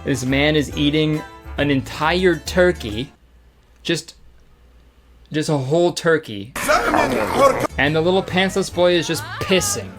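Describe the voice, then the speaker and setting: A man's voice: on the high side, measured pace, pauses often, over music. A man hosting comedic movie commentary, irreverent and joking, often laughing. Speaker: commentary host.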